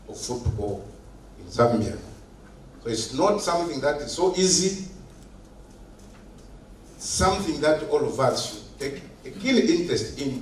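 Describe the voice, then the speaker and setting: A man giving a formal opening speech at a meeting, slow and emphatic, repeating his key phrases. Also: medium pitch, slight background noise. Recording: echoey hall, heard from a distance.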